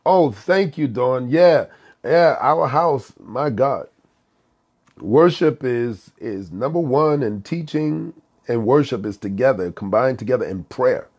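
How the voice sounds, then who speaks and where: A male pastor speaks to his online congregation in a husky voice, taking his time over every phrase. He talks with fervent conviction, circling back to repeat key lines and calling out viewers by name. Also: medium pitch, animated, slow, darkish tone. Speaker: senior pastor. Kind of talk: casual live-stream chat with viewers.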